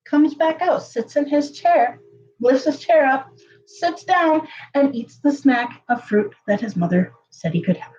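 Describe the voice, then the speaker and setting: A woman telling a story to her viewers in a casual, chatty way, full of fillers and lively jumps in pitch. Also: measured pace, dull audio. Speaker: channel host.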